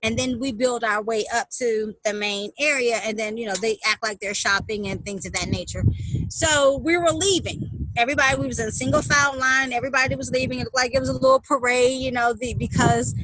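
A woman's voice: a little high, steady tone, fairly quick, a bit bright, a little hiss or hum, low-quality recording. A woman dog trainer telling a story as an interview guest, emphatic and acting out what people said. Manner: emphatic, re-enacts quotes with rising intensity.

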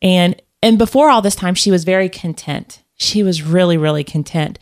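Speaking at a moderate pace in a lowish voice, a woman shares a personal story in casual conversation. She rambles, restarts often, leans on fillers, and laughs a lot.

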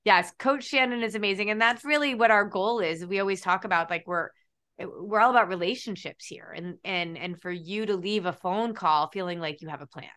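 A woman's voice: medium pitch, fairly quick, fairly bright tone, smooth. A woman hosting a casual interview, enthusiastic and encouraging as she asks questions. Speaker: host.

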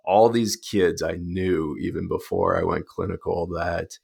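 A man's voice: low-pitched, measured pace, vocal fry, darkish tone, slightly rough. A man hosting a podcast interview, talking casually with many fillers and laughing easily. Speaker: podcast host.

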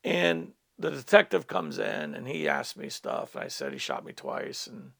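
A man's voice: mid-range voice, huge pitch swings, normal speed, creaky, fairly bright tone. A middle-aged man, a pastor, telling a personal testimony in a teaching talk, earnest, with asides to his listeners.

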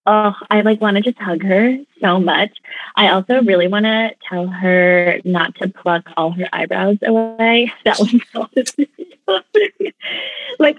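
A woman's voice: mid-range voice, dry recording. Woman in her thirties, bubbly podcast guest, self-deprecating, dry, tinny call audio. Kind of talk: casual podcast conversation. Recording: thin phone-like remote audio.

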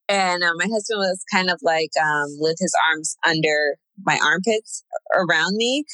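Bright-voiced young woman telling a story. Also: medium pitch, dry recording, poor audio. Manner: chatty, many fillers, laughs while telling. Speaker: guest sharing a birth story. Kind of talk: casual conversational storytelling.

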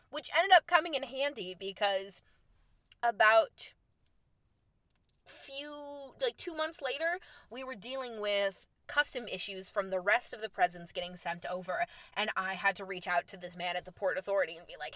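Bright, animated young woman. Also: normal speed, dry recording. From United States. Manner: animated, acts out quoted lines with big pitch jumps. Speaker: storyteller host. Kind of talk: casual storytelling.

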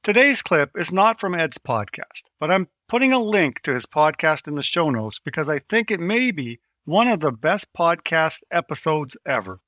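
A man's voice: fairly high pitch, very animated, moderate pace, hardly any pauses, a bit bright, no room sound. A man hosting a podcast, giving an enthusiastic, scripted introduction. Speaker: podcast host.

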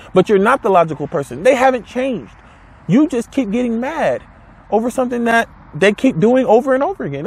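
A man with a fairly high, husky voice delivers a casual motivational talk to camera. His pitch swings widely as he hammers home his points with repeated rhetorical questions. His wording is blunt and direct. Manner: emphatic, repetitive, rhetorical questions. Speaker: motivational speaker.

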